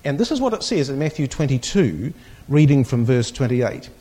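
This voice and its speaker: Husky, lively male Bible teacher. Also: mid-range voice, moderate pace. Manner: reads scripture aloud with strong emphasis, quizzes the group. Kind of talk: interactive Bible class teaching.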